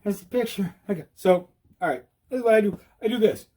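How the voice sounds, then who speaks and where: A man giving an animated, repetitive how-to talk while riding outdoors, out of breath. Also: sits high, quick pace, a little hiss or hum. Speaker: e-bike vlogger. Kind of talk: casual instructional talk.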